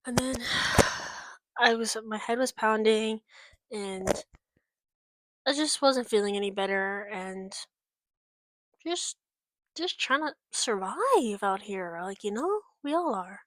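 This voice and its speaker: Speaking slowly with frequent pauses, a young American woman chats in a vlog with a mid-range, slightly bright voice and lively intonation, recorded without echo. She rambles candidly, swearing often and leaning on plenty of fillers.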